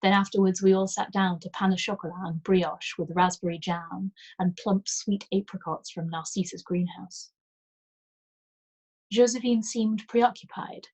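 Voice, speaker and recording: Husky woman reading a novel aloud. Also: mid-range voice. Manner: calm, measured first-person narration. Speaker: storyteller.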